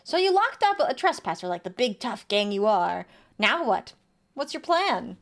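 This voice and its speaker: A woman streamer with a high voice that swings widely in pitch. She talks playfully through a video game as she plays, reading the game's text aloud and reacting to what she sees. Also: sing-song, moderate pace. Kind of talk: casual gameplay commentary.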